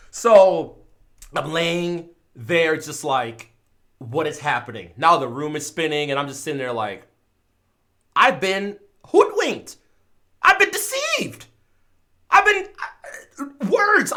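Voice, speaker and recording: A man from Chicago tells a casual story to his stream. His bright voice leaps around a lot in pitch. He drops into mumbled asides, then bursts out loud. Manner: animated, swings between mumbling asides and loud exclaims.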